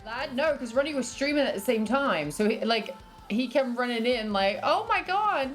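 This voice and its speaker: A chatty British woman streams live, her accent drifting toward American at times. Her voice sits a little high and she laughs easily, swearing casually between greetings to viewers. Faint music plays behind her. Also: normal speed. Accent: British, partly American after years in the US. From Britain. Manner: chatty and giggly, swears freely, coos at her dog. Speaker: livestreamer. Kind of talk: casual livestream chat, reading out chat.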